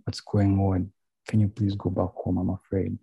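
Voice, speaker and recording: A man's voice: deep voice, monotone, moderate pace, vocal fry, mellow, slightly rough, highs cut off, exaggerated voice. A young man voicing his worried mother, pleading with her son, in a slightly raised voice.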